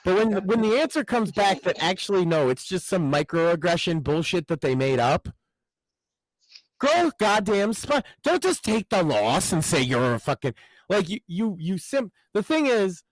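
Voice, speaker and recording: A man's voice: sits high, big pitch swings, normal speed, no room sound, rough recording. A man filling in as podcast host, talking in a casual, profane, mocking way about politics.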